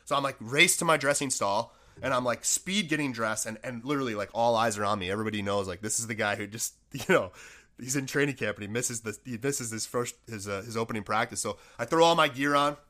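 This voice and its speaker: A man's voice: mid-range voice, fast talker. A man, a former hockey player turned coach, telling a rambling story on a podcast with lots of "like" fillers. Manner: rambling, animated, many "like" fillers.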